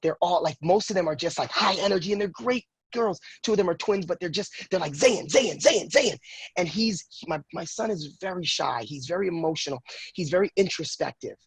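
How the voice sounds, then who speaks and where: Brief: man, late thirties, husky voice, dry close sound, candid and earnest interview guest who stumbles and repeats words as he thinks. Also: sits high, fairly quick, no room sound. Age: 30s. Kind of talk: casual conversational interview.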